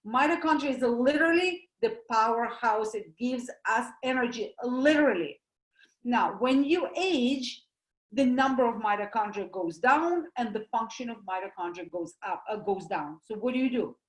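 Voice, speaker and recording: A high-voiced woman with a Russian accent explains things in an animated way, throwing out questions and answering them herself. Her voice rings around an echoey room. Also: moderate pace. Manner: animated, uses homely comparisons, asks and answers her own questions. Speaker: doctor promoting supplements. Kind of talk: lively presentation talk.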